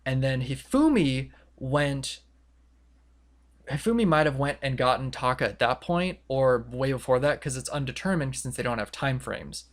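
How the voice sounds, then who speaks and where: A young man co-hosting a podcast, excitedly retelling a story in a rambling way, full of fillers and quoted voices. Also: medium pitch, normal speed. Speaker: podcast co-host. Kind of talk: casual podcast chat.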